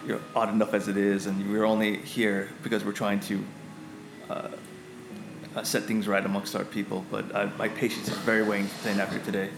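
A man's voice: fairly low pitch, brisk, background noise, natural voice. A man voicing a stern, impatient older male guard in a tabletop game. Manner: gruff, curt. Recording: echoey room, faint music.

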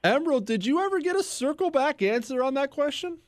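A man's voice: very high-pitched, expressive, brisk. A man hosting a talk radio show, asking questions in a playful, joking way. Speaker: radio host.

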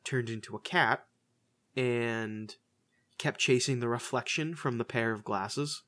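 A man's voice: medium pitch, measured pace, fairly bright tone. A man casually reviewing a movie on a podcast, loose and profane, full of fillers and restarts. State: says he is a little high. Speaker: podcast co-host.

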